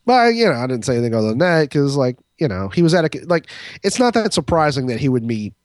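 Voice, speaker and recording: A podcast co-host with a medium-pitched, sing-song voice talks quickly, recorded cleanly in a studio with no room sound. He tells a long story in casual chat, rambling and profane, full of fillers and restarts.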